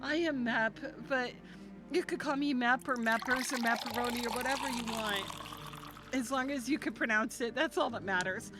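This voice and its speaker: A woman's voice: fairly high pitch, moderate pace. A woman game streamer chatting casually on a live stream, gushing and affectionate with her viewers. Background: game music.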